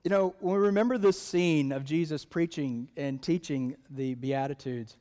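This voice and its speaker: Brief: male pastor, casual sermon delivery, slightly high voice, long-reverb sanctuary. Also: normal speed, dark tone. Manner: conversational, joking asides.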